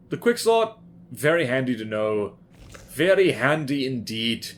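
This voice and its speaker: Chatty rambling gameplay commentator. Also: male voice, mid-range voice, fairly bright tone, slight background noise. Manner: chatty, rambling, self-deprecating, many fillers. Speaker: gaming YouTuber.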